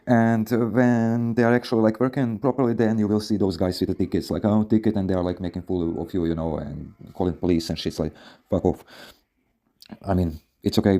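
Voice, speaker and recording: Guy, really deep mellow voice, rambling podcast advice full of you know and swearing. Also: fairly even intonation, fairly quick. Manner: rambling, many fillers, frequent swearing. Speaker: podcast host. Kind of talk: casual storytelling advice podcast.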